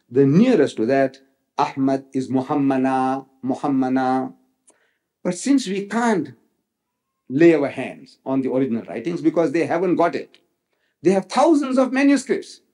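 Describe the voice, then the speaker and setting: Older male lecturer, lively, high-leaning voice, rhetorical. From South Africa. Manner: animated, rhetorical, quotes others in acted voices. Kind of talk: public religious lecture. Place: lecture hall.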